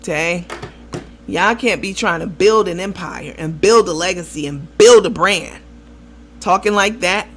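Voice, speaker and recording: A woman hosting a casual gossip commentary show, talking in a lively, profane way and acting out the voices of the people she quotes. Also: on the low side, unhurried, a little hiss or hum. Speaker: host.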